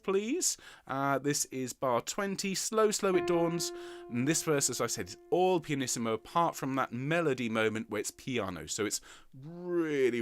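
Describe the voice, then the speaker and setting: A man leading a choir rehearsal, counting in, giving gentle praise and singing short lines high and soft. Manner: encouraging, counts in and sings demonstrations in falsetto. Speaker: choir director. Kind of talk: online rehearsal teaching. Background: piano.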